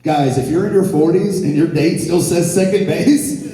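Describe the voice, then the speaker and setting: A man's voice: a little high, normal speed, mellow. A man, doing a crude, brash live stand-up set. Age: 40s. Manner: brash, crude storytelling to a crowd. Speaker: stand-up comedian. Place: theater stage. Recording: echoey hall from far off.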